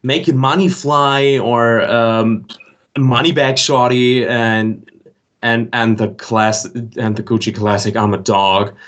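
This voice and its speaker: A man talks casually on a podcast, stopping and restarting his sentences as he goes. His voice sits at an ordinary middle pitch, and his asides are dry and wry. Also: fairly even intonation, a bit bright. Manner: halting, filler-heavy, wry. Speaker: podcast co-host. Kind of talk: casual chat.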